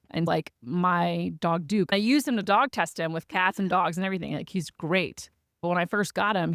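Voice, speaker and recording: A woman's voice: fairly low pitch, vocal fry, no echo, studio quality. A young adult woman telling stories in a casual interview as an animal shelter guest, chatty and full of "like" fillers.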